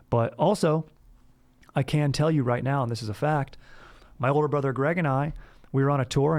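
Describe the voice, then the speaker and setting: A man's voice: fairly low pitch, a little mellow. Rambling surfer-bro man saying dude. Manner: surfer-bro slang, says "dude" constantly; rambling, restarts and fillers. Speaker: podcast host. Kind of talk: comedic bro-character monologue.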